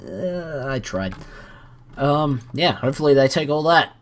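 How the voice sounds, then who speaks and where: A man casually commenting on a strategy game as he watches, playful and jokey, with excited outbursts. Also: on the high side, unhurried, slight background noise. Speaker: gaming commentator.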